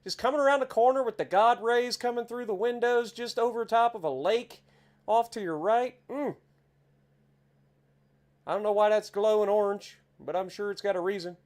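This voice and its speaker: Appalachian guy chatting away while he streams a truck game, voice sits a bit high, gets worked up over the views. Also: normal speed. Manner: chatty, easily excited, exclaims at scenery. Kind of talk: casual gameplay commentary.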